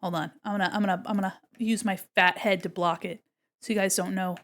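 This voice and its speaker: A woman's voice: mid-range voice, fairly even intonation, a little fast, a bit bright. Chatty woman streaming her drawing. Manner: chatty and playful, talks to chat while working. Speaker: art streamer. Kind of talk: casual stream chat while drawing.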